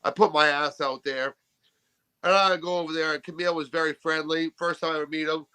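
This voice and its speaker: A man co-hosting a podcast, telling stories in an animated, swearing, casual way. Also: fairly high pitch, brisk, clear, resonant tone. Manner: animated storyteller, swears freely. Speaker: podcast co-host.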